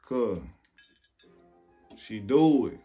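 A young man telling a casual story to camera, animated and profane, acting out what people said. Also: mid-range voice, drawn-out words, faint music behind. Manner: animated, profane, acts out quotes.

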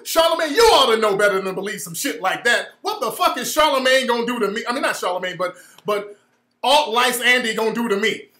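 Profane mocking man, bright roomy sound. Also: extremely high pitch. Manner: profane, mocking, mimics in a meek voice. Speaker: host. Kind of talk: livestream commentary reacting to a clip.

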